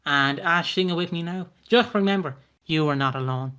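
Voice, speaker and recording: A man's voice: on the high side, normal speed, sharp tone, smooth. A man co-hosting a podcast, teasing and mock-indignant in casual sweary chat. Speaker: podcast co-host.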